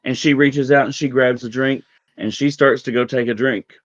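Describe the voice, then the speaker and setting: Halting man narrating a tabletop game. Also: mid-range voice, steady tone, lo-fi sound. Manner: casual, halting, many fillers. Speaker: game master.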